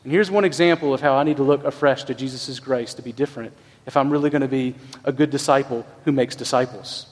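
A middle-aged man preaching a sermon as pastor, telling stories in an earnest, conversational way with emphatic pauses. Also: mid-range voice, long reverb tail.

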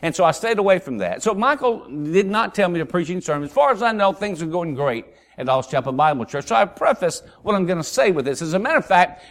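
Lively folksy preacher man. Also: high-pitched. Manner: folksy storyteller, acts out voices, lively. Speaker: pastor. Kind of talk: sermon with a humorous story.

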